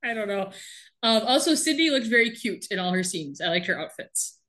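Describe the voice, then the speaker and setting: A woman's voice: mid-range voice, brisk. A woman co-hosting a podcast, casually recapping a TV episode and laughing often as she talks. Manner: animated, laughs often while telling. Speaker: podcast co-host. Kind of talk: casual chat recapping a TV show.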